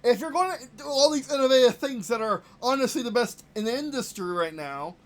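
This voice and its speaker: A gameplay host narrates a flight sim session live, swinging wildly up and down in pitch as they rant. Frustration boils over into yelled complaints and the same questions fired at the screen again and again. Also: expressive, brisk. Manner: frustrated, yelling complaints at the game; talks to the screen in short, repeated outbursts.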